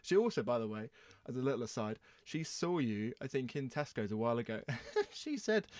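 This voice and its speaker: A young man with a mid-range voice hosts a relaxed podcast chat. He teases his co-host and laughs readily. The recording is dry and close. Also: medium pitch, dry recording. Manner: teasing, playful, quick to laugh. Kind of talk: casual chat.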